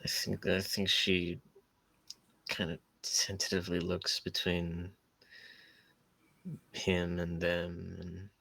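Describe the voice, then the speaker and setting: A man's voice: low voice, completely flat delivery, slow, vocal fry, pauses often, sharp tone. A man playing a tabletop role-playing game, hesitantly describing what his character does and thinking aloud. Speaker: player.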